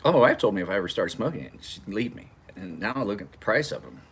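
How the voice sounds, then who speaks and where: The knife sharpening channel host here has a lowish, expressive voice and a quick pace. He's in his home garage, rambling loosely with viewers in a live chat and laughing through profane stories, with a faint hiss or hum present.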